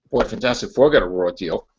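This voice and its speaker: A man's voice: on the low side, husky. A man hosting a podcast, ranting casually and animatedly, laughing and stumbling over restarts. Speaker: podcast host. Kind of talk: casual comic-book rant. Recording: lo-fi, muffled.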